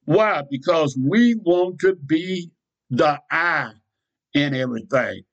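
A man preaching a sermon in a folksy, repetitive style with sudden bursts of shouting. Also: on the high side, lively intonation, takes it slowly, lo-fi sound. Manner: folksy, repeats phrases for emphasis.

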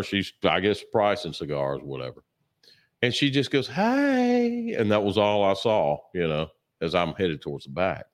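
A man chatting as a co-host, telling stories in a rambling way with lots of fillers and throat clearing, sore and a bit sluggish. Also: low-pitched. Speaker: podcast co-host. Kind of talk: casual chat.

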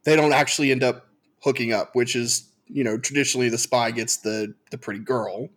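A man's voice: mid-range voice, steady tone, a bit bright. Man explaining at length on a podcast. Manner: explains at length, halting restarts. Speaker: podcast panelist. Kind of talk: casual chat.

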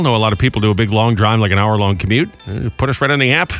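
A man's voice: fairly low pitch, faint music behind. A man hosting a morning radio show, joking through casual banter in a studio. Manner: joking, quick, animated chatter. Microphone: studio microphone.

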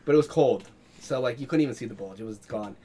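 A man's voice: mid-range voice, quick pace, mellow, husky. A young man hosting a podcast, telling crude stories in casual chat with lots of laughter. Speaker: podcast host.

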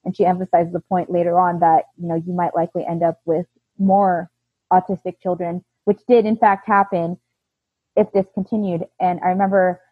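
A woman being interviewed, telling her own story in an earnest, halting way with frequent restarts. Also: fairly low pitch, level tone, slightly rough, no room sound, phone-quality sound. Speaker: interview guest.

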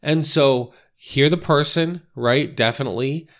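A man's voice: mid-range voice, a little slow, a bit bright. A man coaching real estate agents in a casual, conversational way, often checking in with "right?" and "you know". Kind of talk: casual instructional talk.

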